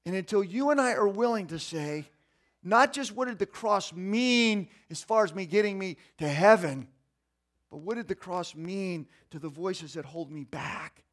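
A man preaching a sermon in an animated way, acting out the voices of the people he quotes. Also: high voice, unhurried. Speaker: pastor.

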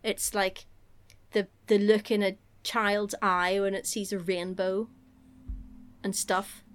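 A woman's voice: medium pitch, slow pace, clean tone, faint music behind. A woman, chatting casually and comically on a podcast, swearing freely and acting out characters. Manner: animated, sweary, acts out characters in exaggerated voices. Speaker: podcast co-host recapping a film. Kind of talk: casual comedic chat.

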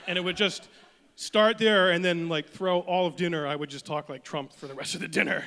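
A man's voice: a little high, brisk, a bit bright. A man in his thirties telling a story as a stand-up comic, loose and conversational. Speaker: stand-up comedian. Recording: long hall reverb.

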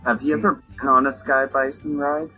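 A man's voice: mid-range voice, flat delivery, normal speed, bright, forceful tone, husky, soft background music, poor audio. A man chatting as a player in a tabletop role-playing game over a video call. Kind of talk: casual chat in a tabletop game.

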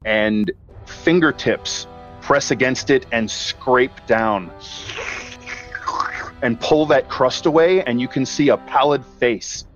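A man's voice: medium pitch, slow pace. A man narrating as game master of a tabletop game, telling the scene vividly with small hesitations. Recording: dull lo-fi audio, faint music.

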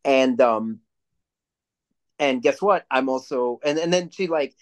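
Speaking slowly at a medium pitch, this young podcast co-host wanders through film reviews with lots of profanity. His casual chat turns into lively, rambling anecdotes.

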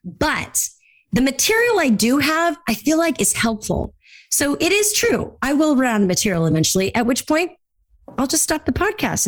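A woman from California, a podcaster and speaking coach answering audience questions in an upbeat, blunt, jokey way. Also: a little high. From Orange County, California. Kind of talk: lively live Q&A chat.

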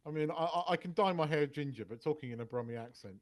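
A man co-hosts a relaxed podcast chat, his voice sitting a little high for a man. He stumbles and restarts as he talks, circling back to his point between fillers. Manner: halting, many restarts and fillers. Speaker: podcast co-host. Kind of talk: casual chat.

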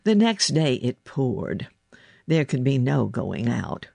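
A woman narrating a children's story aloud in a slow, expressive storytelling manner. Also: a bass voice, gravelly, no echo, studio quality.

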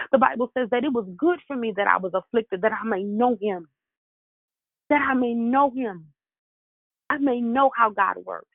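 A woman's voice: fairly high pitch, moderate pace, no room sound. Fervent woman preaching over a phone line. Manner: fervent, repetitive exhortation. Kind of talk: devotional sermon. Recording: tinny dry phone line.

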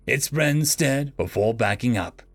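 A man narrating a fantasy story in an expressive storytelling manner. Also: mid-range voice, a little slow. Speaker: audiobook narrator. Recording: faint background music. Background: faint music.

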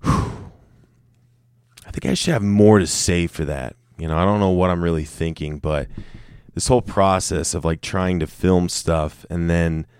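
A man's voice: low voice, a little mellow, smooth, dry recording, studio quality. A man in his thirties from Colorado, hosting a casual solo podcast, rambling and self-mocking and swearing freely. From Colorado, United States. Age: 30s. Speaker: podcast host. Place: room with a camera and light set up.

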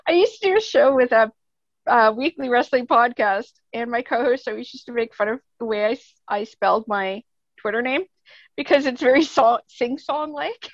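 A woman's voice: fairly high pitch, a little slow, long pauses, dry recording, dull audio. A woman with a Canadian accent, speaking as a podcast guest in casual, earnest, rambling chat, laughing often.

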